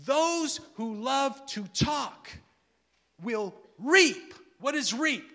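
High, bright-voiced preacher, slow and emphatic. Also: male voice, lively intonation. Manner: swings from hushed asides to shouted emphasis; asks the crowd to finish his sentences. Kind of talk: sermon.

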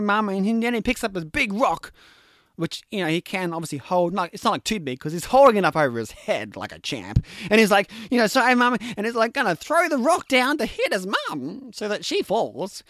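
A young man casually retelling a film plot, rambling and animated, with many "like"s and "you know"s. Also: high voice, no room sound, clean studio sound. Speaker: podcast talker recapping films. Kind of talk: casual chat.

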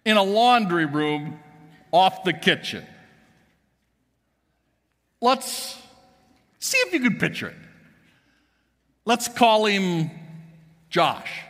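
A pastor tells jokey stories from the pulpit in a high, ringing voice. The bright tone has an edge, and his words echo through a large church sanctuary with a long reverb tail. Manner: joking storytelling to the congregation. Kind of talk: sermon.

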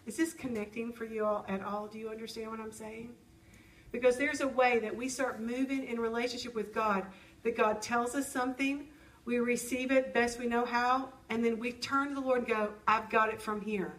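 A woman's voice: a little high, fairly even intonation, normal speed, far from the mic, low-quality recording. A woman preaching a sermon in an earnest, personal way, acting out her own prayers as she speaks.

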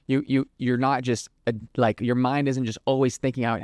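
A man's voice: mid-range voice, fairly even intonation, normal speed, few pauses, a little mellow, no room sound. Young male podcast host, casual preachy talk, filler-heavy, clean dry close mic. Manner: conversational, filler-heavy, lots of "like", acts out hypothetical quotes. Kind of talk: casual Christian teaching monologue.

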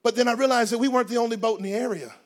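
A man preaching a sermon in a lively, comic storytelling way, with bursts of shouting. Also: very high-pitched, very fast.

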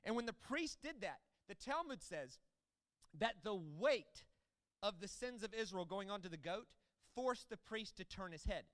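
High-voiced man preaching with energy. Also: moderate pace, dry recording. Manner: animated preaching, rising to loud proclamations. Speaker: pastor. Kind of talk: sermon.

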